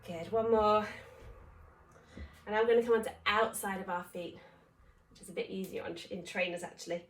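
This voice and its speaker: A woman's voice: medium pitch, fairly even intonation, normal speed. A woman leading a home workout at a chatty, encouraging pace, counting reps and getting out of breath as she exercises. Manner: breathless from exercising while talking. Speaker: fitness instructor. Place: home room. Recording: echoey room, voice from a distance.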